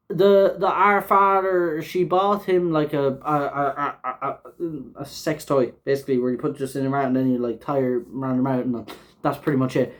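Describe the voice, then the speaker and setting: A man hosting a casual reaction recap of an episode, rambling with lots of fillers and frequent swearing. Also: a little high. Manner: rambling, filler-heavy, swears often, laughs while talking. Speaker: show host reviewing an episode.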